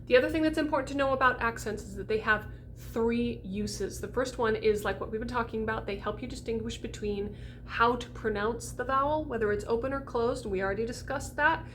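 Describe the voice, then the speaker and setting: Woman, voice coach, chatty teaching, slightly high voice, faint background hiss. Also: a little fast, a bit bright. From United States. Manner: chatty, often checks in with "okay?". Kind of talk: diction lesson to camera.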